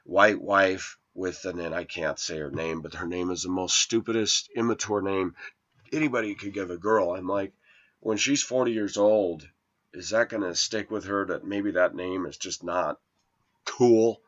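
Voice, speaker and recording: A low-voiced man vlogs a rambling first-person story at a moderate pace, his tone fairly bright. He sounds aggrieved and complaining, his voice rising when he quotes arguments, all on dull lo-fi sound.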